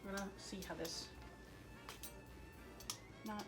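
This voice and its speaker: A woman's voice: on the high side, normal speed, fairly bright tone, soft background music. A woman hosting a casual cooking vlog in her home kitchen, chatty and self-mocking, laughing often. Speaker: cooking show host.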